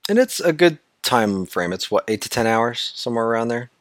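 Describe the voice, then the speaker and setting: A man's voice: mid-range voice, big pitch swings, brisk. A man co-hosting a casual podcast about a video game, rambling and laughing easily as he talks. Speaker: podcast co-host.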